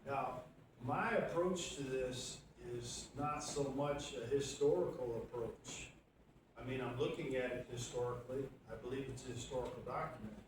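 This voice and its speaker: Male pastor, mid-pitched and conversational, recorded from afar in a boomy sanctuary. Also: moderate pace. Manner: conversational, with fillers and questions to the congregation. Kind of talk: sermon, Bible teaching. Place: church sanctuary. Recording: echoey church room from far off, audible background noise.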